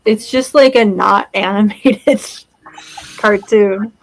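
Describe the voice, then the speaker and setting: A woman's voice: mid-range voice, slow, poor audio. An enthusiastic woman cheering and chatting casually during a game stream. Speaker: co-host streamer. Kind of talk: casual chat.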